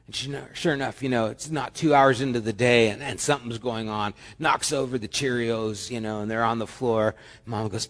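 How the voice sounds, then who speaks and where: A male pastor preaching a sermon, animated, swinging between loud emphasis and soft, hushed lines. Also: mid-range voice, moderate pace, big-room sound.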